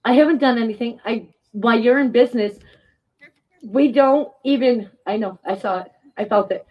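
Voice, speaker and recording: A woman's voice: on the high side, moderate pace, slightly rough. A woman giving public testimony in an indignant, firm manner. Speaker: resident speaking at a public meeting. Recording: dull, lo-fi sound.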